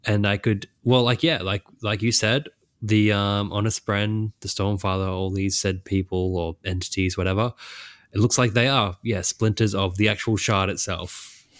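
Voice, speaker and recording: A man co-hosting a casual podcast chat, animated and quick to laugh. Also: on the low side, no echo, studio quality. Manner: animated, laughs often, acts out characters' lines. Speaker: podcast co-host.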